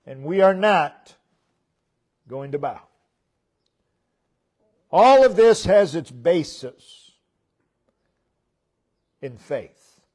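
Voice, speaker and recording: A man preaching a sermon in a church, repeating key phrases with emphasis and letting his line endings fall low and soft. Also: lively intonation, very slow, pauses often.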